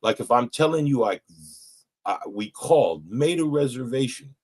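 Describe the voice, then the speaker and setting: A man's voice: medium pitch, moderate pace, breathy edge. A man telling a personal story in casual, profane speech, acting out what people said to him. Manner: profane, animated, retells with quoted voices. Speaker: person sharing at a recovery meeting.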